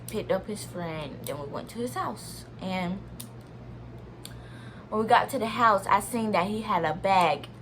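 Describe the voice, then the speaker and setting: A young woman vlogger rambles through a personal story, chatting straight to viewers as "y'all," restarting sentences and saying "like" a lot. Her voice sits in the mid range, with a little hiss or hum in the background.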